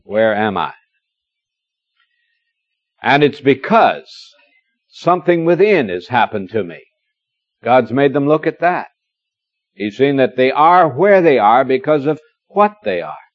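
Gently humorous preacher on old tape. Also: male voice, mid-range voice, very animated, no room sound. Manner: warm storytelling, gently humorous, reads scripture slowly. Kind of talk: expository sermon. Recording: dull lo-fi dry recording.

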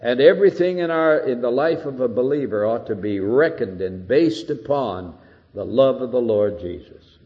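Older preacher in an echoing hall. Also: male voice, mid-range voice, lively intonation, moderate pace. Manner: earnest, builds to emphatic peaks. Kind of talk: expository sermon. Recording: dull old recording in a reverberant hall.

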